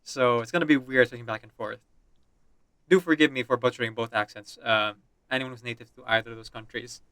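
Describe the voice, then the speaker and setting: A man's voice: mid-range voice, steady tone, brisk, a bit bright, no echo. A man streaming, reading and voicing a game's story with chatty asides.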